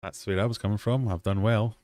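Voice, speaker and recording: A man's voice: lowish voice, fairly even intonation, fast, a little mellow, no room sound. A Scottish man in his forties hosting a casual livestream quiz, bantering with chat in a jokey, self-deprecating way. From Scotland. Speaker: livestream host. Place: home fish room.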